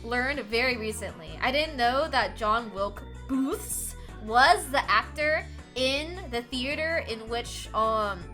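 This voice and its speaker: A woman's voice: fairly high pitch, expressive, takes it slowly, few pauses, pushed and bright. A young woman streaming, chatting casually, rambling, laughing often and swearing. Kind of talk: casual chat. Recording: faint music behind.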